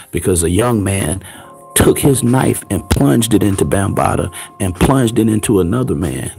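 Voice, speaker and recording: A man's voice: lowish voice, creaky, a little mellow, slightly rough. A man hosting his own online show, delivering a confrontational, preachy rant full of taunting rhetorical questions. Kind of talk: ranting commentary.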